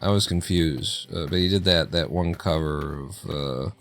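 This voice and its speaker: A man's voice: sits low, moderate pace, creaky, faint music behind. A man chatting casually through live gameplay, joking, laughing and talking to himself as he plays. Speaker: streamer.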